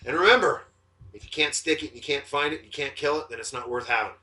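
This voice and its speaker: A man's voice: medium pitch, fast, sharp tone, far from the mic. A man hosting a casual podcast from his home kitchen, rambling and joking loosely. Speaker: podcast host.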